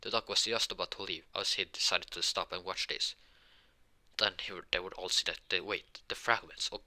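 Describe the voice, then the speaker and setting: A man with a low voice and a sharply bright tone tells an improvised fan story. He rambles, restarts sentences and leans on filler words as he goes. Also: steady tone, normal speed. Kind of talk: improvised fan-fiction narration.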